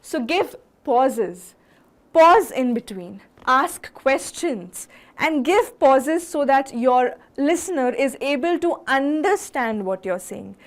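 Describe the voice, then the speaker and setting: A woman giving an earnest, instructive lesson on public speaking, asking her listeners rhetorical questions and changing her pace and loudness for emphasis. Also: high voice, lively intonation, slow pace. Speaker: speaking-skills teacher.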